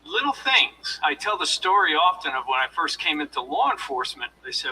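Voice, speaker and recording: A former law enforcement officer giving a motivational lecture, coaching his audience in a deliberate, demonstrative way, recorded from a distance. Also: a little high, very animated, pushed and bright, a little hiss or hum.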